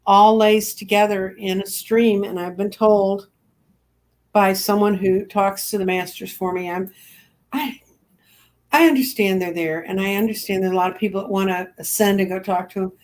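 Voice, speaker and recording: An older woman in her seventies chats as a guest on an online show. She tells stories at an even middle pitch and slips into the voices of the people in them. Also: normal speed. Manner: chatty, animated storyteller acting out quoted voices. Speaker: guest, crystal reader. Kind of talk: casual storytelling chat.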